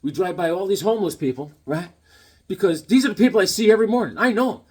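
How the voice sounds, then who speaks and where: A man hosting a comic book video, riffing in a joking, rambling, animated way. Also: high voice, fast talker, slightly rough. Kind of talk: comedic casual monologue.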